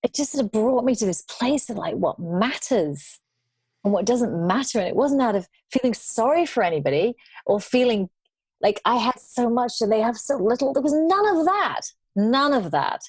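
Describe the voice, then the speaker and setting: A woman guest on a podcast, telling travel stories in casual conversation, animated and laughing now and then. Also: fairly high pitch, moderate pace, slightly rough, no room sound.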